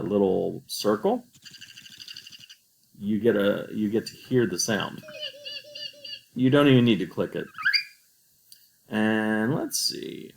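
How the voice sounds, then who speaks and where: Deep gravelly guy walking you thru a coding lesson, patient. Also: low-quality recording. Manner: patient, explains step by step. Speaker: teacher. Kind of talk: screen-recorded coding tutorial.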